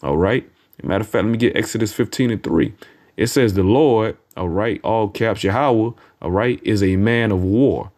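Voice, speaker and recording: Speaking in a lowish, darkish voice, a street preacher delivers scripture informally and without polish, cursing bluntly. He often ends lines with "man" or "you know what I'm saying" and slows down to stress the verses he reads.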